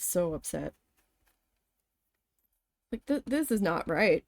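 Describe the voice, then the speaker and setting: A woman's voice: on the low side, slow, gravelly, long pauses, dry recording. Woman venting in a casual storytime. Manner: venting, animated, swears, acts out quoted voices. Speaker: vlogger. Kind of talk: casual storytime while embroidering.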